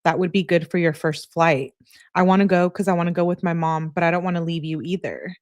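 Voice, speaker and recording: A woman casually reading out an exchange of text messages in a plain conversational way, pausing for asides and correcting herself. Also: lowish voice, darkish tone, no room sound.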